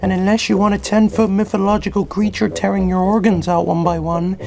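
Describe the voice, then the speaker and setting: A man's voice: high voice, level tone, brisk, vocal fry, crowd noise, pitched above the performer's own voice. A man voicing goofy male plush toy characters with an exaggerated cartoon delivery.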